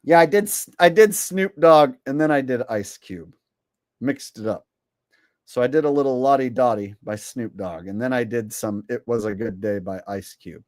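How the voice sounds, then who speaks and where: A man hosts a casual livestream, reading out donations while he rambles, swears and leans on frequent fillers. His mid-range, slightly mellow voice moves at a moderate pace on a dry, studio-quality recording.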